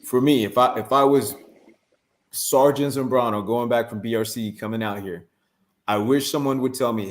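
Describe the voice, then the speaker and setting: A man's voice: mid-range voice, normal speed. Plain-spoken man giving advice. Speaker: podcast guest. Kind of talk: casual interview answer.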